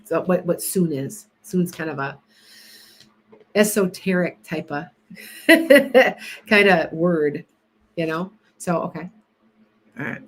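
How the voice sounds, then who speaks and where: A woman's voice: on the low side, expressive, slow pace, long pauses, slight background noise. Chatty woman hosting a psychic livestream. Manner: chatty, addresses viewers by name, trails off in restarts. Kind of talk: casual livestream reading.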